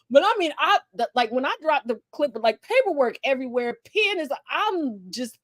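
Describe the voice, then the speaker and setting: A woman hosting a casual chat, telling a family story with animated energy, acting out her relatives and swearing freely. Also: high voice, moderate pace, no room sound, clean studio sound. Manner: animated storyteller who acts out family members. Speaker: host.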